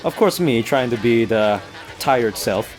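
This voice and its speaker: Animated American man, laughing commentary. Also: medium pitch, a little slow, faint music behind. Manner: animated, laughs often, trips over restarts. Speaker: let's play gamer. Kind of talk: casual gameplay commentary.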